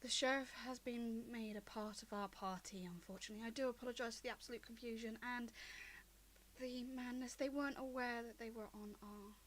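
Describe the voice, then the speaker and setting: A woman's voice: high-pitched, fast talker, few pauses, a bit bright, slight background noise. A woman voicing a short cleric who apologizes formally and reluctantly in a tabletop game. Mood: apologetic. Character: short cleric making a grudging, polite excuse.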